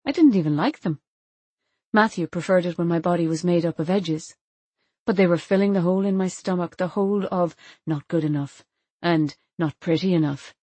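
Low-voiced woman narrating. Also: normal speed, mellow, husky, no room sound. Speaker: audiobook narrator. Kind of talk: first-person literary narration.

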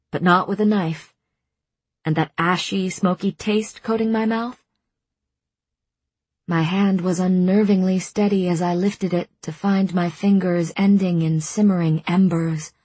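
A woman narrating a first-person audiobook in a measured, intimate way. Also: lowish voice, fairly even intonation, darkish tone, husky, no room sound.

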